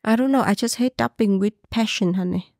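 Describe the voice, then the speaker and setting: Vietnamese woman, animated, dry close mic. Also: medium pitch, fairly quick, no room sound. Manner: animated, laughing often, calls partner honey. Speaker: podcast co-host. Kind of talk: casual chat.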